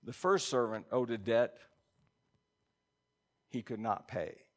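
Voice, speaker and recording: A man's voice: mid-range voice, slow pace. A man preaching a sermon in a conversational way, reading scripture aloud and checking in with his listeners. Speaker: pastor.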